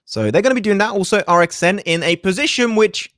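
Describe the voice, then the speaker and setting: A man casting a live esports match, with rapid, energetic play-by-play and joking asides. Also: sits high, no room sound, studio quality. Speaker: esports caster.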